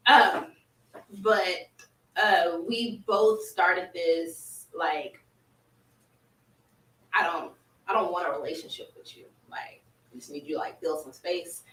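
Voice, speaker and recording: A woman's voice: fairly low pitch, slow, pauses often. A woman in her thirties telling her life story as a podcast guest, laughing often and acting out the voices of the people in it. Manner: animated, laughing often, acts out quoted voices. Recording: echoey room, distant mic.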